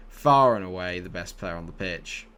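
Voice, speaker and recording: A man giving jokey commentary on his football management game, dropping to low mutters and rising to excited shouts. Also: normal speed, smooth. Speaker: gaming YouTuber.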